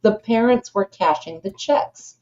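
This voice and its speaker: A woman in a casual group chat on a livestream, blunt and quick to swear and laugh. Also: medium pitch, darkish tone, highs cut off.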